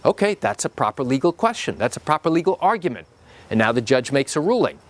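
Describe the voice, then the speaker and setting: A male attorney explains courtroom objections to the camera in a lively, emphatic manner. His voice sits a little high for a man, and he lifts it further whenever he acts out a quote. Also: fast, no echo. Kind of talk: explanatory legal video talk.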